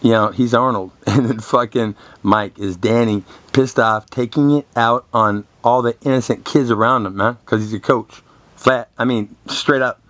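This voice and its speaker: A man's voice: mid-range voice, steady tone, normal speed, a bit bright, no echo. A young man telling crude, boastful stories in a rambling, confrontational rant full of swearing. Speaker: vlogger. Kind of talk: profane rambling monologue to camera.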